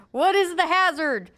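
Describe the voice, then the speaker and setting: High-voiced middle-aged woman, joking safety instructor who acts out quotes. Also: noisy background. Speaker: safety trainer. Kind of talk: classroom training talk.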